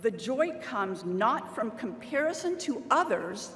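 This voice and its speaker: A woman's voice: fairly high pitch, big pitch swings, a bit bright. A middle-aged woman, a university staff member, giving a motivational commencement address from a podium microphone and drawing cheers from the audience. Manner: deliberate, motivational, rallies the crowd for call-and-response cheers. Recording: roomy hall with long reverb, faint noise.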